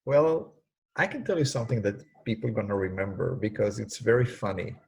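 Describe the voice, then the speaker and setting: A middle-aged man from Singapore, a guest in an interview, telling stories in a lively way and sometimes crying out sounds. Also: on the low side, brisk, vocal fry, slightly rough, low-quality recording. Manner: animated, cries out sounds when telling stories. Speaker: interview guest, speaker on leadership. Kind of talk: conversational storytelling interview.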